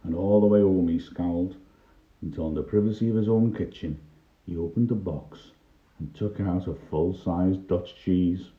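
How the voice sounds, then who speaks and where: Older male storyteller, wry and dry, deep voice on a tinny phone-like recording. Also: moderate pace. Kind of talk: reminiscing first-person story narration. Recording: tinny lo-fi narrow-band recording.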